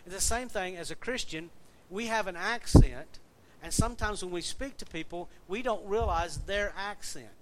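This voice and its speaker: A man preaching a sermon in a relaxed, conversational way, checking in with his listeners with questions as he goes. His voice sits slightly high. A faint low rumble hums behind him. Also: normal speed, hardly any pauses. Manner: conversational, asks the congregation questions. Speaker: pastor.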